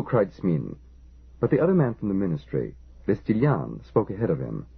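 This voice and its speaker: A man narrating an audiobook with expressive storytelling. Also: sits low, normal speed, creaky, husky. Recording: lo-fi phone-like audio.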